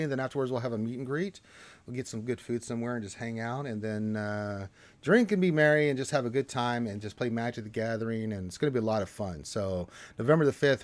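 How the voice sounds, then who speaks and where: Joking, rambling man hosting a stream. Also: mid-range voice. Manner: joking, rambling, loud bursts. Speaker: live stream host. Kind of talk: casual chat reading viewer comments.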